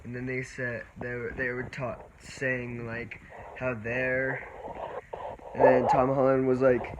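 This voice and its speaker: A man giving a casual spoiler movie review, rambling and halting with many restarts. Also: mid-range voice, monotone, muffled recording. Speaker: vlogger. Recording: noisy background.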